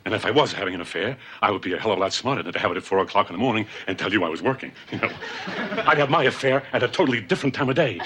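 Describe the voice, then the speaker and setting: An actor playing an exasperated middle-aged husband in a sitcom, blustering and then tender. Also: male voice, lowish voice, lively intonation, rapid-fire, fairly bright tone, a little hiss or hum. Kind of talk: sitcom acting before a studio audience.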